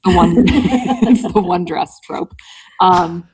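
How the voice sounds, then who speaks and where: Against a crowd in the background, a woman with a fairly low voice talks at a slow pace. She's hosting a book club podcast, casually going over chapters with plenty of "um" and "like" in a chatty recap.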